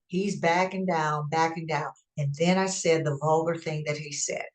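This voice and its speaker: A woman hosting a podcast, telling a personal story in an emphatic, animated way and acting out what people said. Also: sits low, moderate pace, few pauses. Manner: emphatic, animated retelling with acted-out quotes. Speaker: podcast host.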